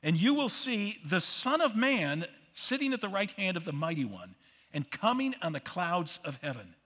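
A pastor preaching in a church sanctuary, his bright, forceful voice carrying a long reverb from the big room. He is emphatic and leans on rhetorical questions, calling the congregation to repeat lines after him. His pitch sits a bit high for a man. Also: big pitch swings, moderate pace. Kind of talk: sermon.

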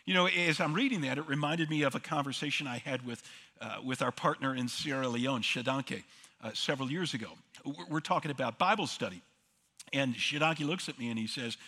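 A man's voice: mid-range voice, a little fast, bright, forceful tone, long reverb tail. A man preaching a sermon as pastor, emphatic, with rhetorical questions and repeated words for stress.

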